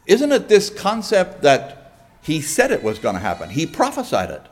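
A man preaching a sermon in a conversational way, pausing often and asking the congregation questions. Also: on the high side, huge pitch swings. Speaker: pastor.

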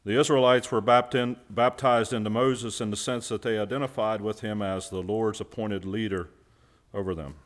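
A man's voice: lowish voice, steady tone, normal speed. A man preaching a sermon, who puts questions to his listeners and answers them himself, and stresses key words by repeating them.

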